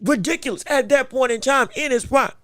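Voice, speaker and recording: A man hosting a casual boxing podcast. He talks in an animated way, laughs a lot and often repeats his words. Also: very high-pitched, brisk, no room sound, clean studio sound. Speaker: podcast host.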